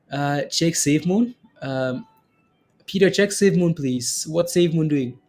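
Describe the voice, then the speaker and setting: A man's voice: a little high, takes it slowly, darkish tone. A man hosting a casual trading livestream, rambling with many fillers as he reads out viewer questions. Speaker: stock and crypto livestream host.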